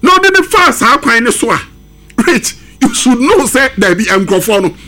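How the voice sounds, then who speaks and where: Animated high-voiced Ghanaian pundit. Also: male voice, normal speed. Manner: excited, emphatic, mixes English and Twi. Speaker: football pundit. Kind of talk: radio sports discussion.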